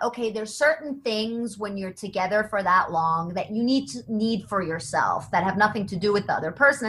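Woman guest comic on a podcast, lively storytelling, voices other people, laughs a lot. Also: medium pitch. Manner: animated storytelling with quoted voices; laughs often. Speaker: guest comedian. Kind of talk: casual podcast chat.

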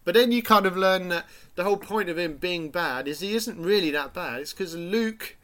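A man's voice: sits high, moderate pace, sharp tone. A man in casual chat, rambling enthusiastically about a film and acting out quotes.

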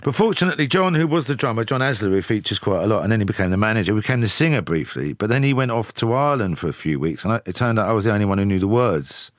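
A man, telling lively anecdotes with chuckles as a studio guest. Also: fairly low pitch, very fast, hardly any pauses, no room sound. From England. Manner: lively, chuckling storyteller with frequent "you know". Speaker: musician, guest. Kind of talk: casual chat, anecdotal storytelling.

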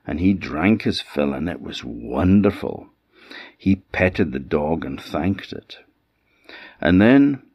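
Deep-voiced Scottish Orkney storyteller. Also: male voice, no echo, studio quality. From Orkney Islands, Scotland. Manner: expressive, unhurried telling. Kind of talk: folktale storytelling.

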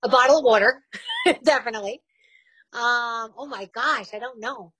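A woman with a New York accent, a longtime radio host, chats openly about her career. Her voice sits fairly high and sounds dry and close to the mic. She speaks frankly and laughs often. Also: moderate pace, sharp tone, slightly rough, no room sound, low-quality recording. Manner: candid, chatty, laughs easily. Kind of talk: casual interview chat.

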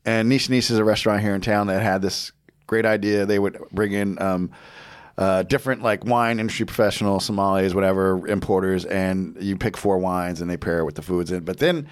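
A man's voice: sits low, steady tone, brisk, clean tone. A man hosting a podcast, chatting casually and rambling with loose, easygoing swearing. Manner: rambling, many fillers and restarts, swears casually. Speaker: podcast host. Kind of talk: casual interview chat.

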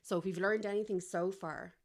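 An Irish woman co-hosting a podcast, chatting casually with dry, measured remarks. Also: medium pitch, steady tone. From Ireland. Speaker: podcast co-host. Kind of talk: casual chat.

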